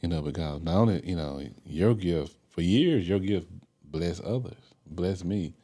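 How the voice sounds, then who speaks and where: A man with a very deep, dark, mellow voice hosts a faith podcast. He reflects in a loose, preacherly way, leaning on filler phrases and warm affirmations. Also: a little slow. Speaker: podcast host, pastor. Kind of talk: casual interview chat.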